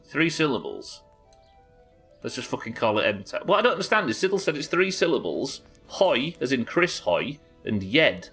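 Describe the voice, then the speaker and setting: A man's voice: medium pitch, very animated, normal speed, a bit bright, husky, soft background music. A man streaming a game live, chatting casually with his viewers and swearing freely as he goes. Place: home streaming setup.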